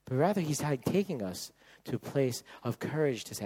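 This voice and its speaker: A man in his thirties preaching at a camp, telling a personal story with lively acted-out voices and frequent laughter. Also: medium pitch, brisk, breathy edge. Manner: animated storyteller, acts out voices, laughs often. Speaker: camp speaker. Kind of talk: sermon with storytelling.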